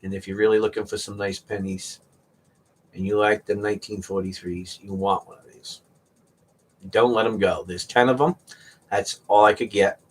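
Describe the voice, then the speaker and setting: Speaking at a normal speed in a lowish, steady voice, this middle-aged man runs a live auction stream. He's a joking, rambling storyteller who laughs often and chats casually throughout.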